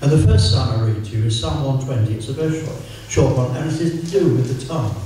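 An older man gives a relaxed sermon in a mellow, low-lit voice. He teases himself and the room, then turns slow and earnest for scripture. His voice is picked up from a distance in a strongly echoing hall. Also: a little hiss or hum. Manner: chatty, self-mocking, slows right down for scripture. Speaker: preacher. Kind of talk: informal sermon. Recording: echoey room, voice from far off.

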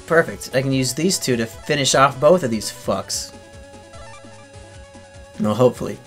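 A man's voice: mid-range voice, expressive, normal speed, long pauses, a bit bright, faint music behind. A man giving let's play commentary on a video game, talking to himself and swearing in frustration. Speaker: gaming streamer.

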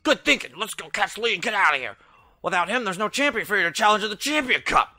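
A man putting on an excitable teenage boy from a game, pitched well up and bursting with enthusiasm. His voice is bright and animated, recorded dry with faint music behind. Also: fast talker, no room sound, full character voice. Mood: excited. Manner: shouty and upbeat.

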